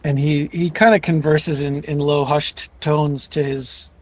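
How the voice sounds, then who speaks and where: Game master guy, rambling, lots of restarts, highish voice. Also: flat delivery, unhurried, darkish tone. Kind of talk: narrating a tabletop game.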